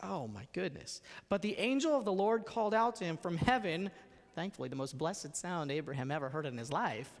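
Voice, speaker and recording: Expressive male preacher in a church. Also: on the high side, fast. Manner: conversational, expressive, retells scenes with acted voices. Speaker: pastor. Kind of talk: sermon. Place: church sanctuary. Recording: echoey church hall.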